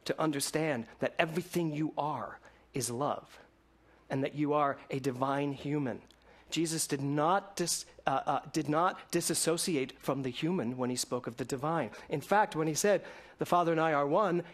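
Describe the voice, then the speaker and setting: A male minister delivers a sermon with a voice pitched a little high for a man. His delivery is expressive, rising to loud emphasis and dropping to near-hushed lines. He speaks to a congregation. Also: moderate pace.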